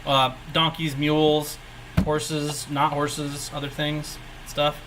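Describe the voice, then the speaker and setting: A man voicing a helpful passerby at a town gate in a tabletop game, giving quick, offhand directions. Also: on the high side, completely flat delivery, background noise.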